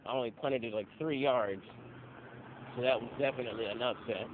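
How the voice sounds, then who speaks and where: A man's voice: mid-range voice, fairly quick. A young man tells casual stories in a loose, profane way and acts out the people he quotes. His voice comes through a narrow, phone-like recording with a faint hiss behind it. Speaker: interviewee. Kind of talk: casual storytelling. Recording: phone-like audio with faint noise.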